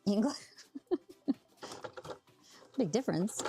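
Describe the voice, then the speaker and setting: A woman's voice: medium pitch, animated, drawn-out words, over music. A young woman from Canada hosting a sewing livestream, chatting casually with viewers and laughing often as she thinks aloud. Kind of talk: casual chat while sewing, reading viewer comments.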